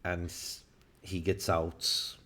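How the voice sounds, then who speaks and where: A man from Malta narrates a tabletop role-playing game as game master. His voice sits low, and he talks in halting bursts with fillers and restarts. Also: flat delivery, fairly bright tone, slight background noise.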